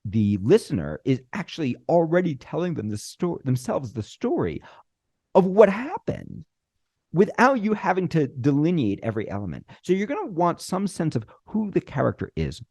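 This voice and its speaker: A middle-aged man teaching screenwriting, talking animatedly, with deliberate pauses and acted-out bits of dialogue. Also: a little high, very animated, mellow, slightly rough, dry recording. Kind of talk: instructional talk.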